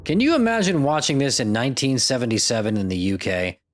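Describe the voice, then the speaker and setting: A man's voice: medium pitch, expressive, quick pace, slight background noise. A man hosting a podcast, reading out stories with irreverent, profane, jokey asides. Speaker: podcast host. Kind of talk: comedic podcast narration.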